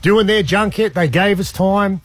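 A man's voice: sits high, unhurried, dry recording. An Australian man hosting a breakfast radio show, chatting and telling jokey stories in a studio. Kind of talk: casual radio banter. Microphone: studio mic with headphones.

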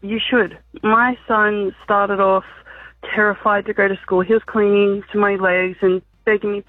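A woman's voice: mid-range voice, little pitch movement, normal speed, no echo. A mother calling in to a radio show, speaking in an emotional, heartfelt way. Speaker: caller, mother. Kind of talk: phone-in call. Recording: dry tinny phone line.

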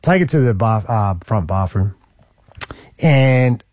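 A man in his forties, a radio host telling a story in a lively, slangy way and acting out what people said. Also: medium pitch, slow pace, no echo. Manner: animated, slangy, acts out quotes.

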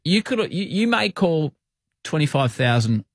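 A man's voice: fairly high pitch, big pitch swings, unhurried, dry recording, studio quality. A man hosting a podcast interview, chatting casually with a boyish enthusiasm. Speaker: podcast host.

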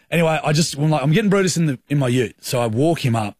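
A man with an Australian accent co-hosting a radio show, telling a story in animated, colloquial banter. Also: fairly high pitch, very fast, hardly any pauses, breathy edge, no room sound, clean studio sound. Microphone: studio microphone.

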